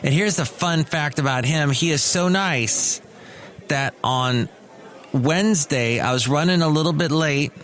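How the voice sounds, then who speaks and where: A man's voice: fairly high pitch, unhurried, fairly bright tone. A man hosting his own podcast, talking alone in a rambling, sarcastic, self-mocking way. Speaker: podcast host. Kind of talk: casual solo podcast monologue. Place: small cafe studio.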